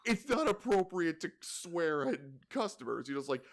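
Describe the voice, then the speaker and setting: A man's voice: fairly high pitch, big pitch swings, brisk. A young man co-hosting a podcast, telling a work story in a rambling way, full of "you know" and "like". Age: young adult. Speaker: podcast co-host. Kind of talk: casual chat, telling work stories.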